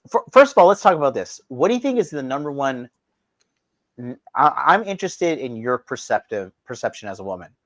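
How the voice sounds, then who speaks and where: A man hosting a live stream, ranting crudely and mockingly, his voice swinging from loud outbursts to low mutters. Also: very animated, brisk, no room sound. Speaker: livestream host. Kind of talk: crude provocative livestream rant.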